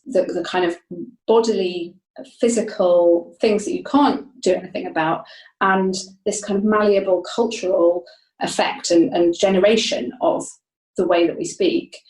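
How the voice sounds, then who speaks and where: A woman's voice: mid-range voice, darkish tone. A woman guest, an academic, explaining her research in a thoughtful interview, often restarting her phrases. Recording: roomy, echoey sound.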